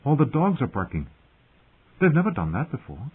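Male reader as a young lord, earnest and protective, husky voice, thin phone-like sound. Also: mid-range voice, wildly swooping pitch, normal speed, voice pushed up, heavily acted. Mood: alarmed. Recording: tinny phone-like audio.

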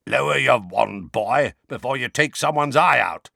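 A man voicing a gruff, grizzled old male wizard who is suspicious and irritable, with a low growling voice and blunt, barking warnings. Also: animated, unhurried, sharp tone, no echo, studio quality, full character voice.

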